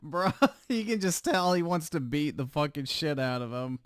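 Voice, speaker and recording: A man's voice: on the high side, lively intonation, moderate pace, smooth, dry recording, studio quality. A male livestream host giving crude, mocking reaction commentary.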